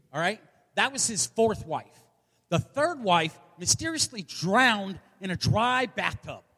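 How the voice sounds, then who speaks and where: Brash, high-voiced comedian in his forties. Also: fairly bright tone. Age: 40s. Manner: brash, profane, self-mocking punchlines. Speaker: stand-up comedian. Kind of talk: stand-up comedy set. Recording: long hall reverb.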